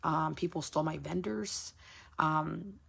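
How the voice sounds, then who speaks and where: A woman from the United States talks on a casual livestream about running her small business. Her voice sits low and has a husky, gravelly edge. She speaks frankly, swears freely, and hammers her points home by repeating phrases. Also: a little slow, fairly bright tone.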